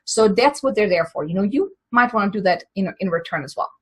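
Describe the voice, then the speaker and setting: A woman's voice: mid-range voice, animated, brisk, slightly rough. A woman coach giving motivational business advice in an earnest, emphatic, encouraging way. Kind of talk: motivational advice talk to camera.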